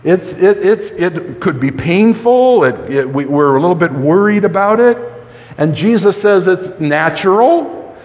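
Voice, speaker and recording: A man delivers a sermon slowly and emphatically, restarting sentences on repeated words. His voice sits high and rises and falls a lot. The reverb of a church hall trails after each phrase. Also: expressive, a little mellow. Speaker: preacher.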